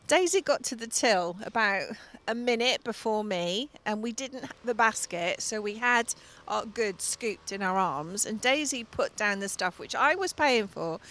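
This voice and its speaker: A middle-aged woman co-hosting a studio chat show, telling stories in a lively way and laughing often. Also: mid-range voice. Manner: lively storyteller, laughs often, acts out voices. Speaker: TV show co-host and fitness business owner. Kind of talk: chatty anecdote on a studio show.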